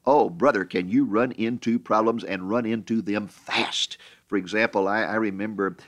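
A middle-aged man preaching a sermon and telling stories in an animated way, often stammering and repeating words. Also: fairly low pitch, normal speed. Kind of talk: sermon storytelling.

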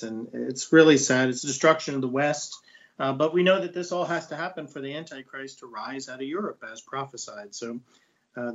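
A man's voice: medium pitch, highs cut off. A man co-hosting a Bible study program, chatting casually and teasing his partner. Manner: joking, teasing, lively.

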